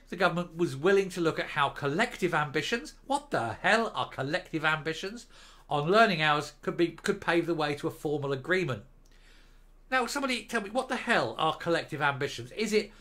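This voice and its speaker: An older man delivers political commentary, reading headlines aloud and then tearing into them with scorn and mockery. His voice is bright and forceful. It also sits slightly high for a man. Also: sing-song, fairly quick. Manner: sarcastic, mocking, scornful. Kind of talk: reading news and ranting.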